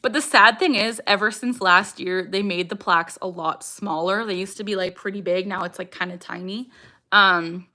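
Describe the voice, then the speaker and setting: A woman's voice: mid-range voice, fairly even intonation, normal speed, sharp tone. Bubbly young woman hosting a livestream. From Canada. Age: young adult. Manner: bubbly, chatty, interrupted by vocal tics. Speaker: livestream host. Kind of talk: casual livestream chat, reading comments.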